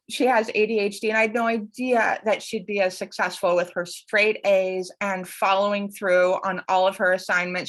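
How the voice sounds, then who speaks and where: A woman coach hosts her show in a relaxed, direct-to-camera manner. Her voice sits somewhat high for a woman, and it swings widely in pitch with frequent laughs. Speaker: academic coach and show host. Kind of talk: casual talk to camera.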